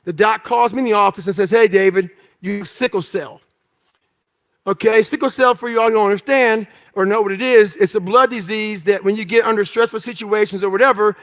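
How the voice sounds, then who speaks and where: Guy with a really high voice telling his story to an audience, swears a lot, short punchy bits. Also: a bit bright. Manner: blunt and profane, acts out his own past thoughts; emphatic, punchy short phrases. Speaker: motivational speaker.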